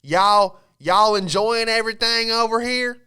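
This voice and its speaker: A man's voice: high voice, moderate pace, bright, forceful tone, clean tone, pitched above the performer's own voice. A man putting on a twangy, folksy restaurant manager.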